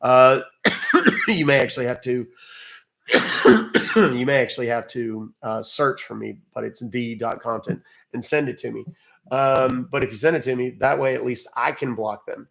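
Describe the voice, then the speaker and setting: Chatting loosely with viewers on a livestream where he calls scammers, a man jokes and swears offhandedly. His gravelly voice is ordinary in pitch with a rough fry, a little slow and a bit bright.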